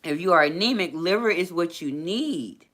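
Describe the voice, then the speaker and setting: Bright-voiced chatty woman live-streaming. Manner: chatty and animated, laughs often, quick pitch jumps. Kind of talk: casual live-stream chat reading viewer comments. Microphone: laptop.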